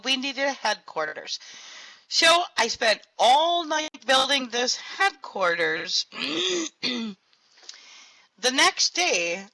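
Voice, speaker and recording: A woman addresses a community meeting in a relaxed, storytelling way, laughing often. Her voice is bright and on the higher side, moving up and down a lot at an unhurried pace. The sound is dry and close. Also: no room sound, rough recording. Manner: laughs often, animated when retelling. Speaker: virtual world grid owner speaking at a town hall. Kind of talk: casual storytelling to an audience.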